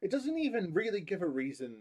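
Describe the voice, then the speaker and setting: A man's voice: high-pitched, sing-song, a little fast, a little mellow. A man chatting casually and irreverently as a podcast co-host, swearing and mocking voices.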